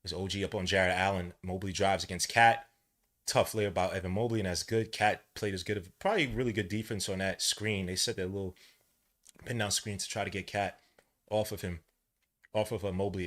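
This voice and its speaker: New york guy doing live play-by-play for his podcast, lowish voice but bright and punchy, yells at big plays. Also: a little fast. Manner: excitable, shouts at plays, rambling asides. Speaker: podcast host doing a game watch-along. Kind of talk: casual live play-by-play and chat.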